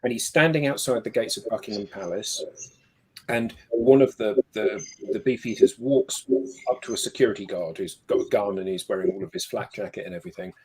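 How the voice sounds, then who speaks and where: Husky guy hosting, just chatting and telling a story. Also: lowish voice, brisk, a little mellow, poor audio. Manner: chatty anecdote teller. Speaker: host. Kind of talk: casual chat.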